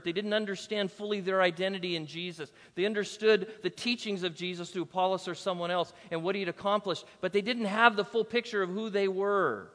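A man's voice: sits high, fairly bright tone. Conversational male pastor in a reverberant hall. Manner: conversational, banters with the congregation. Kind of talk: sermon.

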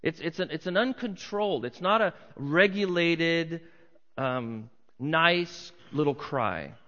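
A middle-aged pastor preaches conversationally in a fairly high, expressive, pushed and bright voice, taking his time. Now and then he acts out voices from a crowd, and the recording is muffled with long hall reverb.

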